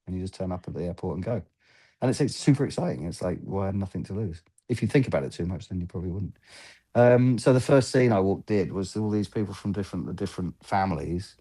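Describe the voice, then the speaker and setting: A man in his fifties with a deep, dark, mellow voice tells casual, rambling stories from film sets. He keeps slipping into the voices of people he quotes, acting out the back-and-forth. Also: expressive, fast. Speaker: film lighting gaffer, guest. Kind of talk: casual interview storytelling.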